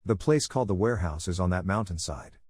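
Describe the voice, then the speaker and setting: A man's voice: sits low, animated, quick pace, a little mellow, breathy edge, no room sound. A man reading a bold young nobleman scheming. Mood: determined. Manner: confident, declaring plans.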